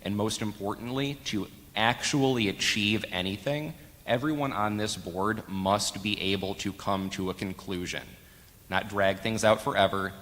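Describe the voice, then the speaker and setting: A man with a very low voice speaks as a school board candidate, weighing his words and then pressing his points through repetition. His voice carries a long reverb from a large hall. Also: a bit bright. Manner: measured, emphatic with repeated phrases. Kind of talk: forum answer.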